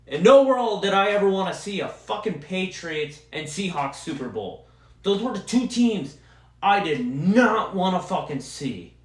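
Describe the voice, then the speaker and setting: A young man hosting a podcast, ranting casually and profanely as an excitable sports fan. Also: high voice, unhurried, echoey room. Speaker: podcast host. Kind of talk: casual solo rant.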